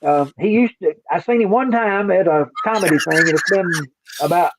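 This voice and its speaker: A man's voice: high-pitched, normal speed, noisy background. An older man hosting a livestream, chatting in a rambling, folksy way. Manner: rambling, folksy, repeats himself. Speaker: livestream host. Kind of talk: casual chat. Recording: dry, tinny phone-like line.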